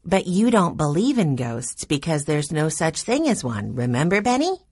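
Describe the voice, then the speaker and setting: A woman's voice: sits low, sing-song, normal speed, darkish tone, breathy edge, no room sound, studio quality, full character voice. A woman voicing a sensible, firm older sister in a storybook reading. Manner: firm, reminding.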